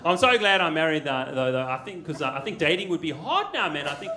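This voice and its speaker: A man's voice: fairly high pitch, very animated, fast talker, sharp tone. A man from South Africa with a South African accent performing a laid-back stand-up set at a comedy club, tagging lines with "you know" and "eh". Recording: echoey club with audience noise.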